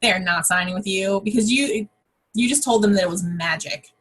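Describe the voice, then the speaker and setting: Working from a home office, this woman trains her network marketing sales team in a relaxed, conversational style, scattering fillers and enthusiastic exclamations throughout. Her pitch is middling with a husky edge, and her pace is moderate.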